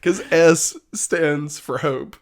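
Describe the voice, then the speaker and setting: A woman with a low voice and drawn-out words co-hosts a podcast in casual chat. She's giggly and animated, constantly breaking into laughter.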